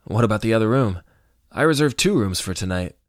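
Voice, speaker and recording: Narrator doing cocky young jock, brash and pushy, playful, low voice, dry close sound. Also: male voice, lively intonation, a little fast, dry recording, natural voice. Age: young adult. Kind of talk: audiobook character voice.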